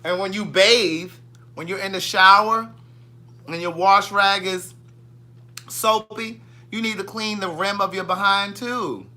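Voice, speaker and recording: He hosts a casual livestream in a Southern US accent, his chatter lively and gossipy as he reads comments from viewers. The voice sits high and never rushes.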